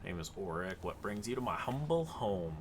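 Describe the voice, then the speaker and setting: A man's voice: sits low, very animated, brisk, a little hiss or hum, voice pushed down. A man voicing an aloof, reclusive old male wizard in a put-on Southern drawl for a video game let's play. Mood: haughty. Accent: put-on American Southern.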